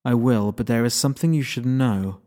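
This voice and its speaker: A man's voice: medium pitch, dark tone, lightly acted. A man doing a stern, formal female magician. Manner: cool, measured and commanding.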